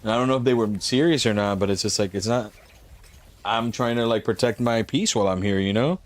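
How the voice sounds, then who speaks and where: A man's voice: on the low side, a little fast. Laid-back man streaming a game. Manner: laid-back, joking, swears freely; flat, bothered-sounding delivery. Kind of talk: casual live-stream chat while gaming.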